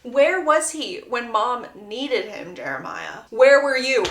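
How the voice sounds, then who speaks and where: Woman doing a sulky defensive teen boy, high and lively, echoey. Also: slow, full character voice. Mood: hurt. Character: hurt, defensive teenage boy.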